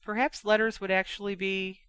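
Brief: bright, smooth-toned fan fiction reader, dry close mic, lively character voices. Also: medium pitch, moderate pace, no room sound. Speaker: audiobook reader. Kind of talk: fan fiction read aloud.

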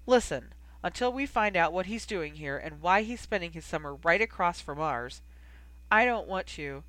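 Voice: medium pitch, expressive, normal speed, bright, forceful tone, no echo. A reader voicing a blunt, protective young man who grumbles and snaps, in an audiobook reading. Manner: grumbling, short-tempered.

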